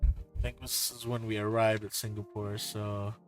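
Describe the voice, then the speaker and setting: A man from the Philippines chatting casually with his viewers about trip photos, excitable, swearing and laughing often. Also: lowish voice, normal speed, soft background music. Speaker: streamer host.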